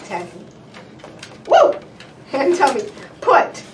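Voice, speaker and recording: A woman working as a speech therapist in a playful session with a young child. She models words slowly and one at a time, then bursts into cheers and sound effects. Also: sits high, lively intonation, fairly bright tone, a little hiss or hum. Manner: slow, deliberate word-by-word modeling. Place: indoor therapy room. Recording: roomy and distant.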